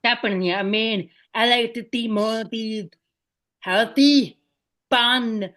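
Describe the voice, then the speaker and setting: A woman hosts a podcast interview, asking questions with chatty enthusiasm. Her voice is fairly high and bright, with a sharp, forceful ring. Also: a little slow. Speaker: podcast host. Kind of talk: casual interview chat.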